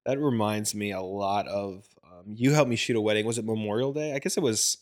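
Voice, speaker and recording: A man's voice: on the low side, fairly quick. A man co-hosting a casual podcast, a wedding photographer who chimes in chattily and laughs along.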